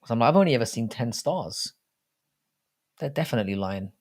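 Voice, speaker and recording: A man's voice: medium pitch, expressive, brisk, a little mellow. A young English man with an English accent, hosting a live chat stream, rambling casually, swearing often and reading viewer comments aloud. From England. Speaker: livestream host.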